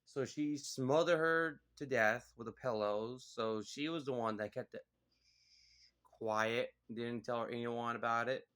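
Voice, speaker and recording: A man's voice: mid-range voice, measured pace, a bit bright, clean tone. A man giving a casual spoken movie review, rambling and filling his sentences with "like" and "you know.".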